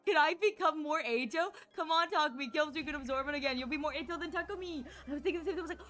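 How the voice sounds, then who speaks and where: A woman streamer giving excited live gameplay commentary, gushing and gasping at the screen. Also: high-pitched, faint music behind. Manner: giddy, gushing, fast reactions and gasps.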